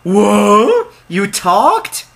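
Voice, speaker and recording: Excitable male let's player, husky bright voice, swings high and low. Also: extremely slow. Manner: excitable, loud outbursts and laughing. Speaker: let's play host. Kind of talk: casual game commentary.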